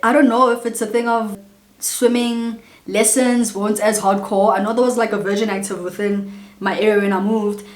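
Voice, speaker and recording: A South African woman in her late twenties, chatting casually and warmly as a vlogger, telling childhood stories with lots of asides to viewers. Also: mid-range voice, steady tone, normal speed, roomy sound. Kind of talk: casual get-to-know-me storytelling.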